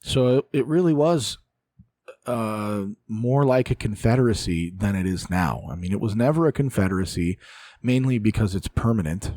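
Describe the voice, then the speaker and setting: Exasperated man, low dry voice. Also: expressive, normal speed, dark tone, dry recording. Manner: exasperated, ranting, sighs often. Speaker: political commentary host. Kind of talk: casual solo commentary.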